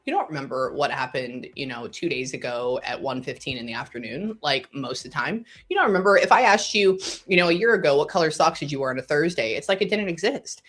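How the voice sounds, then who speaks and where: A middle-aged woman, a psychic medium, telling stories in a casual interview, animated and quick to laugh, swinging between excited bursts and hushed asides. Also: sits low. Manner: laughs often, swears when worked up.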